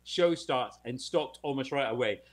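A man's voice: medium pitch, normal speed. A British man telling a showbiz anecdote in casual podcast chat, acting out the voices of people in his story. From United Kingdom.

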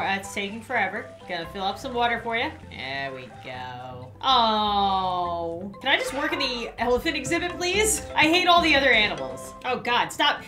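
High, lively young woman gamer. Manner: excitable, shrieks and laughs often; playful running commentary, talking to the animals. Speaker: gaming YouTuber. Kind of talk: playing a mobile game on camera.

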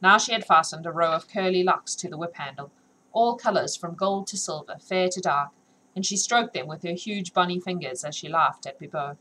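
A woman's voice: lowish voice, normal speed, pushed and bright, a little hiss or hum, low-quality recording. A woman reading a novel aloud on a live stream, then chatting with viewers, laughing often and joking about herself.

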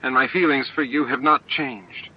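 A man's voice: medium pitch, fairly even intonation, moderate pace, husky, highs cut off, voice pushed up, natural voice. A man voicing an earnest man struggling with shock and devotion in a homemade audiobook, speaking bluntly and with emotion.

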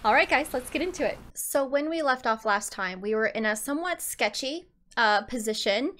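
A woman's voice: a little high, expressive, moderate pace, fairly bright tone, slight background noise. A woman giving chatty let's-play commentary on a game, swearing often and breaking into panicked shrieks and laughter. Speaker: video game streamer. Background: game music and sound effects.

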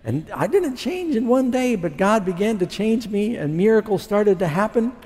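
A man's voice: high-pitched, big pitch swings, normal speed, a little mellow, husky, in a large hall. A man preaching his testimony, telling his story and acting out what he said back then. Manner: storytelling, acting out his own past words. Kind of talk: sermon testimony.

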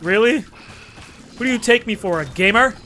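High, bright-voiced young man gaming. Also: normal speed, slight background noise. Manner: excitable, jokey, swearing, sudden shouts. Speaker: gaming commentator. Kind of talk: let's play commentary.

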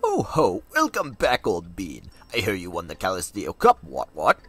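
Pompous old English professor, husky, sing-song delivery, as a man voices him. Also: sits low, moderate pace, heavily acted. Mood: jolly. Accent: put-on upper-class English. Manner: blustery, pompous, lively. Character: jolly old British male professor. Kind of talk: fan voice-over of a game.

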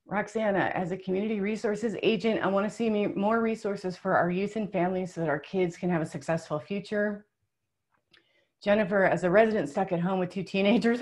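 A woman's voice: medium pitch, fairly quick, darkish tone. A woman presenting a live online workshop, reading out participants' answers in an upbeat, emotional, chatty way over a video call. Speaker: webinar presenter.

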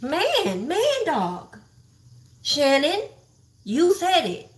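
A woman's voice: high voice, wildly swooping pitch, very slow. A woman hosting a livestream, gossiping bluntly and profanely about online drama straight to her viewers. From Texas. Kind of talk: casual livestream commentary.

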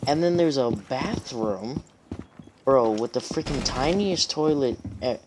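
A man gaming with a friend, excitable and given to mild curses. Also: medium pitch, measured pace. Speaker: gamer. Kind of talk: casual gaming chat. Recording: loud noise in the background.

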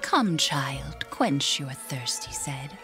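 An actress narrating a dark fairy tale in a video game, telling a bedtime story in a hushed, low voice. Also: female voice, animated, takes it slowly, heavily acted. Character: young mother telling her baby a bedtime tale. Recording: music in the background.

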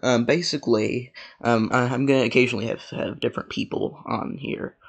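A man's voice: medium pitch, steady tone, brisk, vocal fry, slightly rough. A man hosting a casual let's play, stammering and repeating words as he comments. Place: home desk with a noisy laptop. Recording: noisy home recording with clicks.

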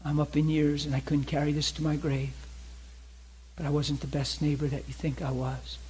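A man's voice: a little high, monotone, normal speed, darkish tone, breathy edge. A preacher acting out a tearful old man confessing. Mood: remorseful.

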